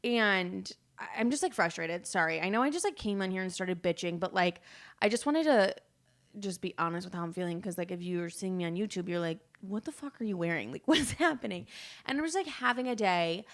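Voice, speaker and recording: A woman's voice: on the low side, expressive, brisk. A woman in her twenties hosting her own podcast, chatting candidly and rambling, swearing freely and acting out quoted dialogue. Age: 20s. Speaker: podcast host. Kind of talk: casual chat.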